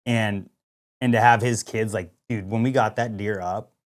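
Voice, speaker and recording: Man, podcast co-host, casual storytelling, lively, lots of quoted dialogue. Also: on the low side, moderate pace. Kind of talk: casual hunting story chat.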